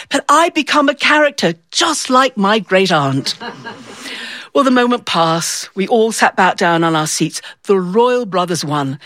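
A woman's voice: mid-range voice, fairly bright tone, no room sound. A woman telling a personal story to an audience, acting out the voices of the people in it. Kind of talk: live storytelling performance.

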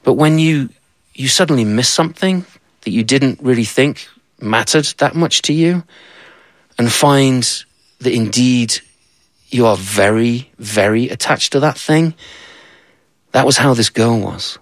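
Male storyteller for a told folktale, chatty asides, even mid voice, dry sound. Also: mid-range voice, a little slow, pauses often, dry recording. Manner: conversational, asides to the listener.

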